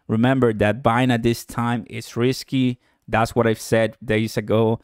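A man's voice: fairly low pitch, flat delivery, unhurried, hardly any pauses, clean tone, no room sound, studio quality. A young man from Puerto Rico with a Puerto Rican Spanish accent, hosting a casual livestream and upbeat as he reads out viewer comments. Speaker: livestream host.

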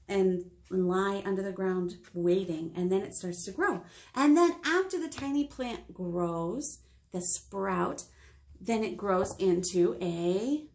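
Animated woman reading a storybook to kids. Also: mid-range voice. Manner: animated, asks the children questions. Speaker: children's librarian. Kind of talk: reading a picture book aloud to children.

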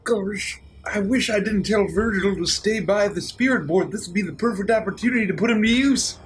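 A man's voice: high-pitched, a little fast, soft background music. A man playing in a tabletop game, chatting casually in a blunt manner and swearing freely. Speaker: player.

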